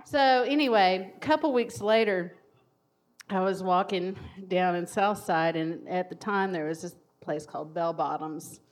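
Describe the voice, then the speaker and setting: A woman telling a funny personal story to an audience, lively and laughing often. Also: on the low side, measured pace.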